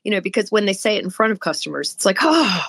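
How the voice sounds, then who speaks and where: Her voice sits at medium pitch, gravelly and racing, with no room sound. She's a podcast co-host in casual conversation, bringing stories to life by acting out the people she quotes.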